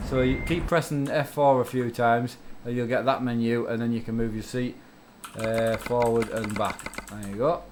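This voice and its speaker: A young man co-hosting a casual game stream, teasing his partner and cutting in with quick questions. His voice sits at an ordinary middle pitch, with faint background noise. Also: steady tone. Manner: teasing, quick questions, talks over the other. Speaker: co-streamer, son of the other player. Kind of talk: casual live-stream chat.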